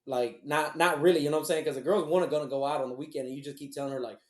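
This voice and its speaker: A man co-hosting a podcast, telling a personal story in casual, profane, animated chat. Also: fairly high pitch, racing, echoey room. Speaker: podcast co-host.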